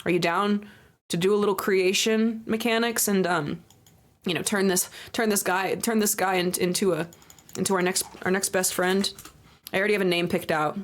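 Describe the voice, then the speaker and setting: Here a female streamer keeps up easygoing gameplay chat with viewers at a normal speed. She sounds bubbly and playful, uses baby talk, swears casually, and lets out high squeals when excited.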